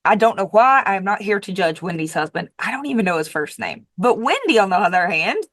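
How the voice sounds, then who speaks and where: A woman's voice: medium pitch, sing-song, a little fast, a bit bright, dry recording. Emphatic woman vlogger, dry close sound. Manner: emphatic and repetitive, with casual swearing. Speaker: diet coach and vlogger. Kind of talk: casual motivational monologue.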